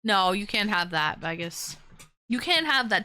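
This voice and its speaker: A woman streamer chats casually with her live chat in a sing-song, fairly quick, bright, forceful tone. When she addresses her dogs, she switches to a high, cooing baby voice.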